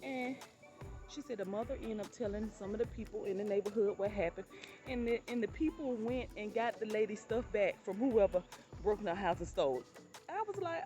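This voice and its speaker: A woman's voice: medium pitch, expressive, a little fast, over music. A woman vlogger telling stories in a casual, chatty way, often calling her listeners "honey" and playing up quoted exclamations. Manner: acts out quoted exclamations with laughter. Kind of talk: casual storytelling.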